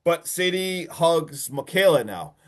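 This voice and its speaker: A man co-hosting a podcast, recapping a movie in a casual, excited way with lots of swearing and fillers. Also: a little high, takes it slowly. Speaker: podcast co-host.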